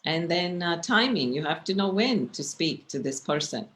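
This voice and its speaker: A woman meditation teacher giving a relaxed talk with slides, speaking in a conversational way that often checks in with the listener. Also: on the low side, normal speed. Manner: expressive, gestures while speaking.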